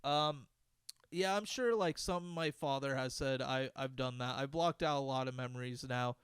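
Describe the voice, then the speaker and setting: Bright, rambling young man co-hosting a podcast. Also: mid-range voice, normal speed, smooth, dry recording. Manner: rambling, self-deprecating storytelling. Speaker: podcast co-host. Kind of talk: casual chat.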